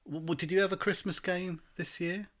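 A man's voice: high voice, fairly even intonation, normal speed, fairly bright tone. A man co-hosting a gaming podcast, chatting casually with easygoing, teasing banter. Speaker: podcast co-host. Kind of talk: casual chat.

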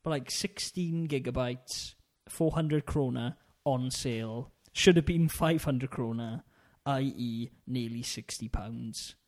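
A man's voice: medium pitch, slow, few pauses, darkish tone. A man co-hosting a podcast, talking about games in a rambling, chatty way with lots of ums and laughs. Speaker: podcast co-host. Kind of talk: casual chat.

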